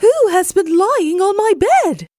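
A woman voicing an indignant mama bear with high, shrill cries. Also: sing-song, unhurried, a little mellow, dry recording, studio quality, heavily acted.

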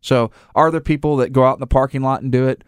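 A man's voice: medium pitch, fairly even intonation, fast, smooth, no room sound, clean studio sound. A man who runs a gun store, talking casually in rambling restarts and acting out little scenes with other people's voices. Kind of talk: casual conversation.

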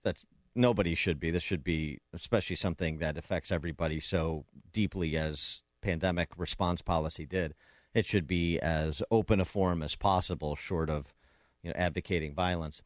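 A man's voice: low-pitched, steady tone, a little fast, no echo, studio quality. A man hosting a political talk radio show, speaking emphatically and combatively with frequent restarts.

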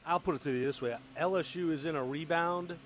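A man hosting a sports radio show, leading the talk in a lively, joking way. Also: fairly high pitch, quick pace, slight background noise. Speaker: radio host.

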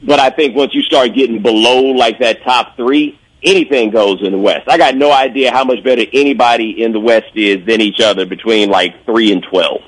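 A man giving relaxed sports analysis in a clip played on the air, speaking in plain, analytical terms. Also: mid-range voice, normal speed, hardly any pauses, poor audio. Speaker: sports TV commentator.

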